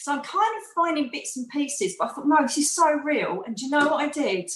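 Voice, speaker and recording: Woman, middle-aged, lively storyteller, a bit high voice, echoey room. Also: fairly quick. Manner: animated, acts out quoted voices. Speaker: podcast guest. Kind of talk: storytelling in an interview.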